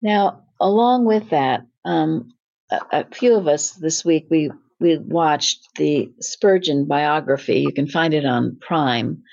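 A woman's voice: low-pitched, slow, creaky, darkish tone. A woman giving an earnest, informal Bible teaching, often restarting her words. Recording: slightly dull lo-fi recording.

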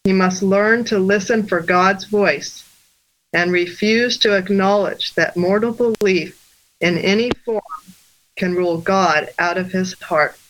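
A man reading a religious text aloud in a measured, deliberate way for a church discussion group. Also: sits high, steady tone, fairly bright tone, low-quality recording. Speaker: reader.

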